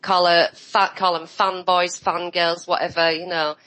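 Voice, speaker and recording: A woman's voice: fairly low pitch, level tone, measured pace, fairly bright tone, poor audio. Blunt, sarcastic woman. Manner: blunt, sarcastic, mimics others' voices. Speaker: roundtable guest. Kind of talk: casual online roundtable chat.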